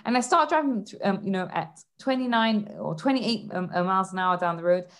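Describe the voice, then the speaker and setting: A woman hosting a parenting podcast, explaining ideas through lively stories with frequent restarts. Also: mid-range voice, brisk. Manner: animated storytelling with frequent restarts. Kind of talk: instructive podcast monologue.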